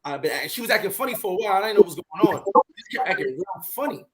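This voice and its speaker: High-voiced man telling an animated story. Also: racing, slight background noise, poor audio. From New York. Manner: animated, acts out his own shouting and repeats words. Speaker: podcast host. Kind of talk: storytelling in casual chat.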